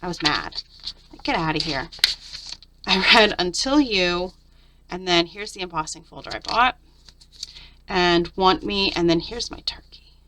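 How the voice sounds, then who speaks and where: A woman's voice: on the low side, a little slow, background noise. A middle-aged woman chatting candidly through a journal flip-through, venting about her week. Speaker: papercraft vlogger.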